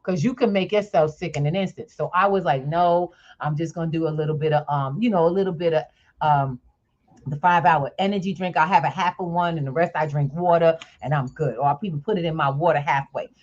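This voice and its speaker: A woman's voice: deep voice, brisk. Chatty woman host, lo-fi sound. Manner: lively, chatty, laughs often. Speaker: podcast host. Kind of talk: casual chat, storytelling.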